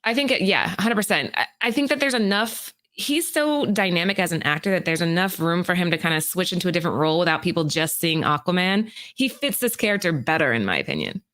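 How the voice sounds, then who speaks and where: A woman co-hosting a comic book podcast, reading prepared market rundowns in a steady, informative way and chatting casually. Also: lowish voice, quick pace, hardly any pauses. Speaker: podcast co-host.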